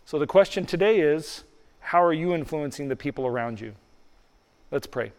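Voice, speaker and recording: A man's voice: fairly high pitch, expressive, normal speed. A man preaching a sermon, telling a story in a conversational way and acting out the dialogue, then leading a prayer. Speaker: pastor. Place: church hall. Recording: reverberant hall.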